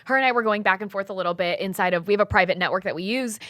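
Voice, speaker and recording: A woman co-hosting a casual podcast, telling stories animatedly and quoting others in lively voices. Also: medium pitch, rapid-fire, no echo, clean studio sound.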